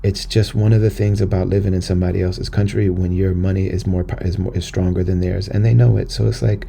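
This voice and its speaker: A man's voice: low-pitched, little pitch movement, brisk, creaky, hardly any pauses, dark tone, a little hiss or hum. An American man hosting a podcast, talking earnestly in a personal monologue and often restarting his phrases. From United States. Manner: earnest, conversational, circles back on phrases. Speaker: podcast host.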